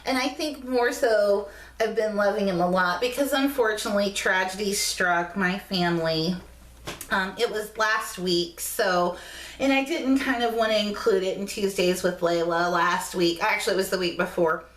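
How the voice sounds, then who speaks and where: A woman's voice: mid-range voice, normal speed, fairly bright tone, echoey room. A woman hosting a casual motivational vlog, chatty and affectionate, sometimes cooing in baby talk. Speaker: vlog host.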